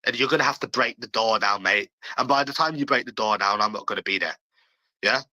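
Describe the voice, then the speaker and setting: A man rants on a livestream and talks straight to his chat. His tone is strikingly sharp and tense, his delivery blunt and full of swearing, and he keeps circling back to the same points. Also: on the low side, brisk, no room sound, poor audio. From London, England. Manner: blunt, profane, repetitive ranting.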